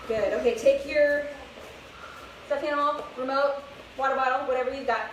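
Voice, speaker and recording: A woman's voice: sits high, fairly even intonation, normal speed. A young woman leading a live kids' workout class, encouraging and a little out of breath. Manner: upbeat coaching, encouraging. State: slightly out of breath. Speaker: fitness instructor. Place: outdoors, open space. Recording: echoey, distant with background noise.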